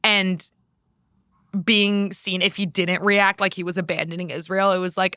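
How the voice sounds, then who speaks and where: A woman's voice: fairly low pitch, level tone, moderate pace, bright, forceful tone, clean tone, dry recording, clean studio sound. A young American woman co-hosting a podcast, chatting candidly about politics and swearing freely. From United States. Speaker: podcast co-host. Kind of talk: casual political chat.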